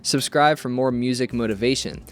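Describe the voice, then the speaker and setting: A man who hosts a channel as an electronic music producer, giving steady, scripted advice to camera. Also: mid-range voice, normal speed.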